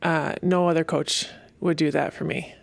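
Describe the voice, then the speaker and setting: A woman assistant coach talking warmly and loosely about her head coach, with plenty of fillers. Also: sits low, flat delivery, normal speed, vocal fry, no echo. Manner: heartfelt, rambling with fillers. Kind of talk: casual chat.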